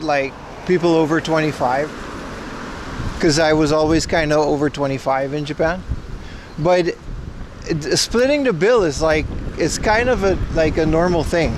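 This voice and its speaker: A Boston-born IRL livestreamer in his thirties chats casually and jokingly with viewers outdoors in Japan, rambling as he goes. His voice is on the high side, and there's a little hiss or hum.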